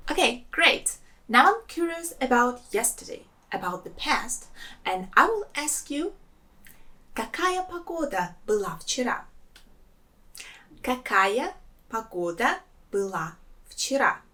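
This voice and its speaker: Russian woman, language teacher, bright higher voice, careful slow drills, online lesson.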